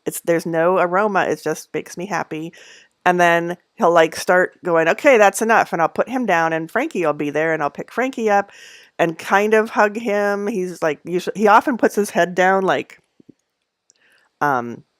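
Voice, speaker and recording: A middle-aged woman talks casually to her viewers from home, rambling along with plenty of fillers and soft laughs. Her voice sits on the low side for a woman and is recorded dry and close, with no room echo. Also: moderate pace. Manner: coos in a high voice at her cats. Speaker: knitting channel host. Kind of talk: casual livestream chat.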